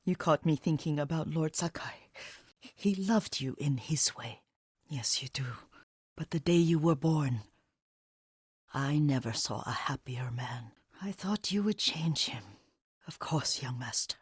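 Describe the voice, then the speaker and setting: A woman's voice: sits low, moderate pace, slightly rough, no room sound, clean studio sound. An old motherly nursemaid. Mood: tender. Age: older. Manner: motherly, gently scolding. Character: elderly female nursemaid, devoted, fussing. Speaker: old servant of a samurai household.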